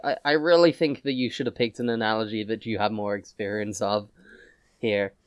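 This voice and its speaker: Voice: mid-range voice, steady tone, fairly quick, clean tone, no room sound. A player in a tabletop game who makes dry, wry remarks. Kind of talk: in-character tabletop role-play.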